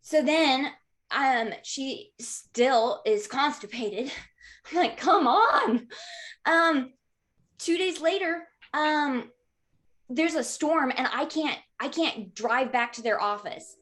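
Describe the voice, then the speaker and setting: A woman in her thirties, a podcast guest, telling stories in a lively way with frequent "um" fillers. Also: high voice, slow pace. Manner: lively, frequent "um" fillers, acts out quoted voices. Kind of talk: conversational storytelling.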